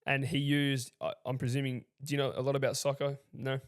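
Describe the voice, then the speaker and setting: A man's voice: mid-range voice, flat delivery, brisk, smooth. A man co-hosting a podcast in casual chat, easygoing and rambling, laughing often. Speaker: podcast co-host.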